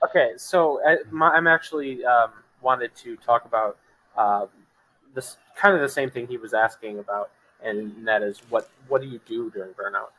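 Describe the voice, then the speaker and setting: A man calling in to a podcast, halting and searching for his words. His tone is bright and forceful. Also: medium pitch, poor audio. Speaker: caller. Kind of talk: casual chat.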